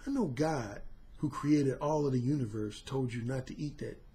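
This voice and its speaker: A man voicing a smooth, sly male serpent who tempts with a low, hushed, coaxing murmur. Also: moderate pace, natural voice.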